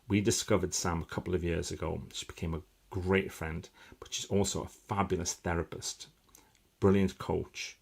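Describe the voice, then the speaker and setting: A middle-aged man hosts a casual live stream, his voice a touch lower than most. He talks in a chatty, upbeat way, full of little fillers and sudden bursts of excitement. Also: gravelly. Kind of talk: casual live-stream chat reading out viewer comments.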